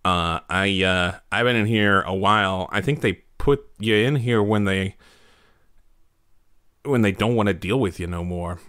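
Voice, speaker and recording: A man's voice: on the low side, a little slow, fairly bright tone, smooth, no room sound, studio quality. A man voicing a friendly male turtle-creature prisoner in a tabletop role-play, casual and rambling.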